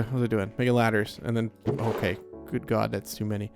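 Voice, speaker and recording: A man's voice: lowish voice, little pitch movement, a little fast, vocal fry, a little mellow, faint music behind. Rambling man narrating his gameplay. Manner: rambling, self-talking, with many filler words. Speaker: Let's Play creator. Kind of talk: casual gameplay commentary.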